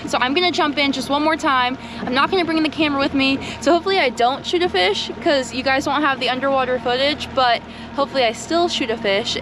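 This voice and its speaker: A woman vlogging in a casual, excitable way, talking to viewers from a small boat. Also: sits high. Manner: upbeat, excitable. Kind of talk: casual vlog narration. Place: small boat on the sea, outdoors. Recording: outdoors on a boat, noisy wind and water.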